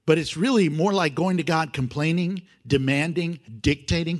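Male pastor, high-pitched, animated delivery that drops to hushed asides, playful acted-out voices. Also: fairly quick, few pauses. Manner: animated, swings from loud emphasis to hushed intimacy; acts out prayers and voices with humor. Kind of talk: sermon.

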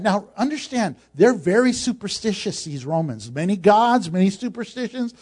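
Lively high-voiced male preacher. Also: normal speed, few pauses, slightly rough. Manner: humorous, conversational, acts out scenes. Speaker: pastor. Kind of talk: sermon.

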